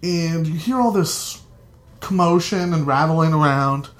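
A man telling a comic story to a live audience, lively and loose, swearing freely. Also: on the high side, unhurried.

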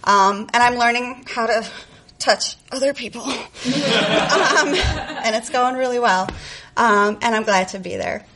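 A woman's voice: fairly high pitch, measured pace, heavy background noise. A woman from Chicago telling a profane, sarcastic personal story to a live audience, laughing often. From Chicago, USA.

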